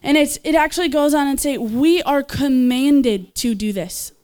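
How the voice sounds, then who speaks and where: A young woman giving a casual, enthusiastic sermon, chatting with laughs and fillers and jumping up in pitch when she voices others. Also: moderate pace. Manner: animated, leaps in pitch when voicing others. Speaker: speaker at a church gathering.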